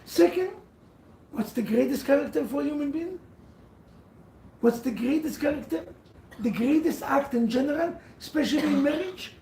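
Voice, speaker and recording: A man giving a sermon as a rabbi to a seated audience, telling stories in halting, non-standard English. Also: very high-pitched, vocal fry, dark tone, reverberant, far from the mic, a little hiss or hum, rough recording.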